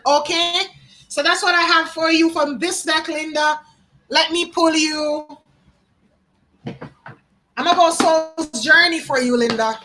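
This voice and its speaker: A woman's voice: high-pitched, steady tone, slow, pauses often, background noise. A woman from Jamaica, giving a live psychic card reading and musing aloud, often repeating names and phrases. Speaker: tarot card reader.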